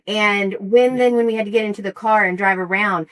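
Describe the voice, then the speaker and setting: Woman, middle pitch, chatty, casual comedy podcast talk. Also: steady tone, a little fast, fairly bright tone, rough recording. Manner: chatty, recounts stories with shrill quoted outbursts. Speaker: podcast co-host.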